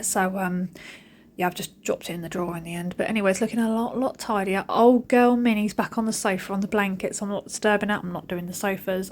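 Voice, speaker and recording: A woman's voice: medium pitch, a little mellow. A woman in her thirties, a mother and vlogger, chatting cheekily and telling jokey stories while she cleans the house. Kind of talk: casual chat over cleaning footage.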